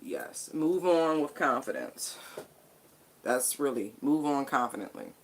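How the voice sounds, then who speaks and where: A woman's voice: low-pitched, unhurried. A woman giving a casual spiritual tarot reading, chatty and emphatic, with casual swearing. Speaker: tarot card reader.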